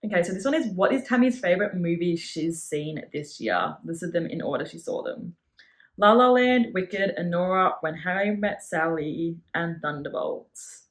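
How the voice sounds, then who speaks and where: A woman's voice: fairly low pitch, lively intonation, moderate pace. A young woman guesting on a podcast, chatting easily with her best friend, agreeable and full of fillers. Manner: easygoing, agreeable, lots of "yeah" and "like". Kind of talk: casual chat. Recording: roomy echo.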